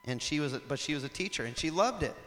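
A man preaching a sermon in a lively storytelling way, rising to loud emphatic passages. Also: a little high, fast. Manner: animated storytelling, acts out shouts and laughs. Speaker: pastor. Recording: long hall reverb.

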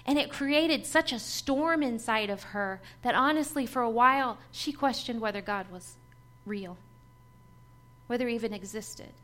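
A woman's voice: on the high side, normal speed, fairly bright tone. A woman giving a personal testimony sermon to a church gathering, telling her story earnestly and with feeling, breaking into light laughs.

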